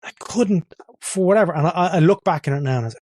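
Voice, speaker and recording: A man's voice: fairly high pitch, expressive, fast, darkish tone. A man hosting a podcast interview, chatty and self-deprecating. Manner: chatty, self-deprecating, loves putting on accents. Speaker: podcast host. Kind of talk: casual interview chat.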